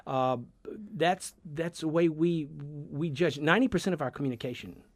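A man with a Southern US accent, a sound effects artist, telling stories in a radio studio interview, rambling and animated with many restarts. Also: on the high side, normal speed, no echo. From Georgia, USA.

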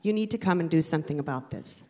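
A stern school official speaks in a clipped, disapproving way, as a woman storyteller quotes her. The voice sits lower than the teller's usual bright tone. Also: fast.

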